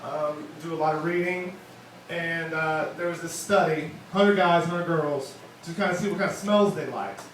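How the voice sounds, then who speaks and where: Young male comic, slightly high voice, rambling delivery, echoey bar room. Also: moderate pace. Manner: rambling, self-deprecating, lots of fillers. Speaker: open mic comedian. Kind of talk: stand-up comedy set. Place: wine bar open mic. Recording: echoey room, distant mic, bar noise.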